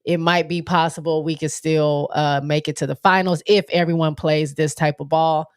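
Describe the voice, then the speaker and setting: A low-pitched woman hosts a casual sports live stream in a stuffy, nasal voice. She rambles, full of fillers and restarts. The sound is dry and close, with no room echo. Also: fairly even intonation, normal speed, clear, resonant tone. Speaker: show host.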